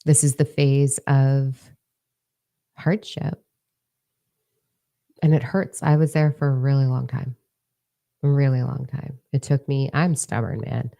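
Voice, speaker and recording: A middle-aged motivational speaker with a low, gravelly, dark and mellow voice gives a candid talk. She's blunt, swears freely and repeats words for emphasis, her delivery flat and unhurried with long pauses.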